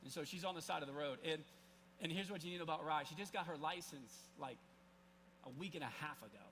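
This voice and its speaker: A man's voice: a little high, quick pace, a bit bright, a little hiss or hum. A man in his forties preaching a sermon to a live congregation, telling a personal story in a loose, conversational way full of restarts and asides. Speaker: pastor. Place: church service, live before a congregation.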